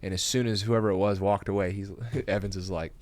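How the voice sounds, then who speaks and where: A man, a comedian guest on a podcast, telling profane stories in a casual, animated way and laughing often. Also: lowish voice, a little fast. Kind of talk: casual storytelling chat.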